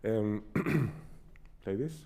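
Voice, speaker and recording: A man's voice: on the low side, lively intonation, extremely slow, warm tone. A man teaching a piano masterclass, singing rhythms with syllables as he coaches. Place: recital salon.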